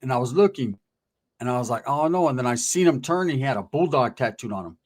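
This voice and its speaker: Fast and expressive, with a medium pitch, a man casually shares his prison stories as a guest. He uses profane street slang and performs the voices of the people in his stories.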